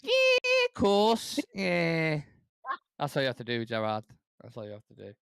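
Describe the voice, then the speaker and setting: A man's voice: fairly low pitch, rapid-fire, fairly bright tone, no echo, studio quality. A man co-hosting a live football watchalong, bantering, joking and swearing casually. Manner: joking, swears, says "mate".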